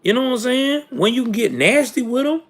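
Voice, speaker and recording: A man's voice: very high-pitched, lively intonation, fairly quick, a little hiss or hum. A man in his late thirties hosting a live commentary show, ranting in casual, slangy talk that rises to indignant outbursts. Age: late 30s.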